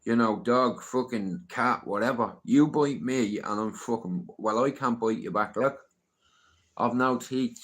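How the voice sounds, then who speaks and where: A man's voice: medium pitch, a little slow, fairly bright tone. A middle-aged man ranting casually on a livestream, swearing often and asking "you know what I mean?".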